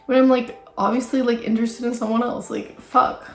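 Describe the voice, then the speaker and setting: Young woman with vocal fry, chatty. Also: a little high, fairly even intonation, brisk. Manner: chatty, filler-heavy, gossipy with frequent "like". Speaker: vlogger. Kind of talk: casual storytime. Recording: echoey room with faint music.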